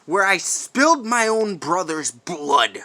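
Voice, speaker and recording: This is a slow, high-pitched wrestling promo in which a man, fully in character, hurls profane insults at his rival. His pitch swings widely as he alternates between yelling and hushed whispering.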